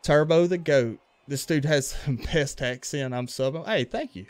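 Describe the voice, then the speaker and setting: Smooth and on the high side, this man's voice moves at normal speed. He livestreams a baseball video game, speaking with a Louisiana accent from western Louisiana, casually reacting to plays and greeting his chat in a relaxed, chatty manner.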